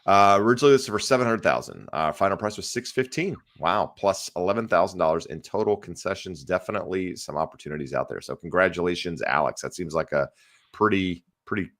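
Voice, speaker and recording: A man's voice: low-pitched, animated, fast, fairly bright tone. A man hosting a live podcast, chatty and upbeat, thanking viewers and reading out their questions. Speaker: podcast host, real estate agent. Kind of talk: casual live-stream hosting.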